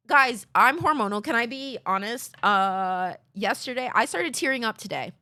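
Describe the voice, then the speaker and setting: Young female streamer, bright voice on the high side, rambling and self-mocking, swears freely. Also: expressive, moderate pace, hardly any pauses. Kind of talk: casual chat with chat.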